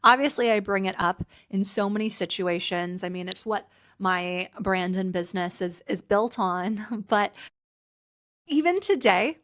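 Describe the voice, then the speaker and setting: This podcast host and personal brand coach from Canada talks at a slightly slow pace in a medium-pitched, somewhat bright voice. Alone on her casual show, she's chatty and full of "like" fillers, tired and close to tears yet laughing through them.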